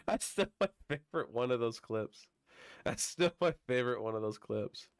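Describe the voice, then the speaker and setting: A man streaming a video game, chatting casually and bantering with viewers, his voice a bit hoarse from a recent illness. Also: fairly high pitch, moderate pace, pauses often, no echo. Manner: joking, bantering with chat.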